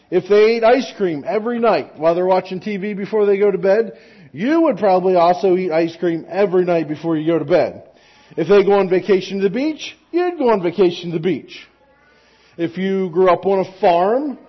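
A man with a high, husky voice gives a children's sermon in a church, talking casually and checking in with the kids. His delivery is conversational and full of rhetorical questions, and the recording sounds dull and lo-fi. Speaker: pastor.

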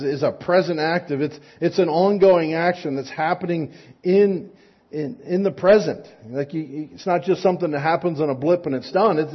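A man's voice: on the high side, slightly rough, muffled recording. A man preaching a sermon in a conversational, relatable way, often checking in with "right?" asides. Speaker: pastor.

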